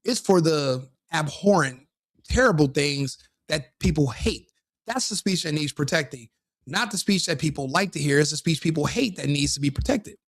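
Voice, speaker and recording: Rambling solo podcast host, fairly high voice. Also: male voice, expressive, moderate pace, gravelly, no echo, clean studio sound. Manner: rambling, frequent restarts and self-corrections. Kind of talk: casual solo commentary.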